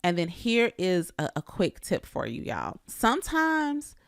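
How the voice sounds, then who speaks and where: A woman coach talks straight to her audience in a low voice. Her tone has a gravelly edge, and the sound is dry, with no room echo. She keeps asking her listeners direct questions. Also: wildly swooping pitch, a little slow. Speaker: real estate coach. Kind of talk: coaching talk to agents.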